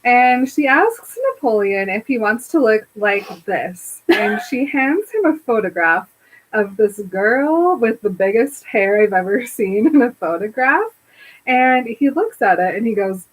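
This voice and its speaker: Woman podcast co-host, slow and casual, fairly high voice, laughs mid-sentence. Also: expressive, low-quality recording. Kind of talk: casual chat recapping a film.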